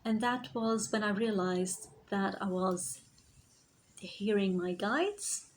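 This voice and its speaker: A woman's voice: medium pitch, takes it slowly, a little hiss or hum, poor audio. A woman, a spiritual healer, telling her personal story in a reflective vlog, sometimes dropping to a whisper.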